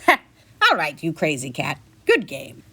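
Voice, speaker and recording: A woman's voice: lowish voice, big pitch swings, normal speed, a bit bright. Woman doing a fussy, exasperated wizard. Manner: exasperated scolding. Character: flustered fussy man wizard.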